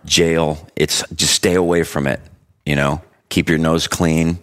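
A man with a very deep voice spins a long story for his podcast co-hosts. He rambles, restarts his sentences and keeps the talk loose and chatty. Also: flat delivery, unhurried. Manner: rambling anecdotes with frequent restarts and laughing asides. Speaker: podcast co-host. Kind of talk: casual storytelling chat.

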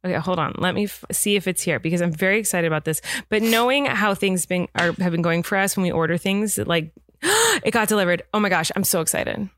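Lively woman co-hosting a podcast. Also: fairly low pitch, a little fast, dry recording. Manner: animated, laughing, acts out voices. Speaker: podcast co-host. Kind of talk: casual chat.

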